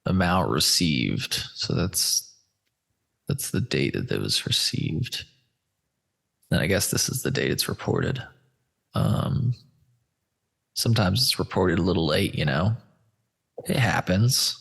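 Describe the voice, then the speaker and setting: A man's voice: sits low, expressive, slow pace, vocal fry, pauses often, a bit bright, slightly rough. A man hosting a podcast in casual chat, loose, rambling and profane, addressing listeners as folks while walking through a shared screen. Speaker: podcast host.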